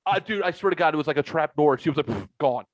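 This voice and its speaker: 40s dude on a podcast telling a story, animated and cussing, dry muffled sound. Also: male voice, fairly high pitch, rapid-fire, no room sound. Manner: animated, swearing, acts out other people's lines. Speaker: podcast host. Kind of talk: casual storytelling chat.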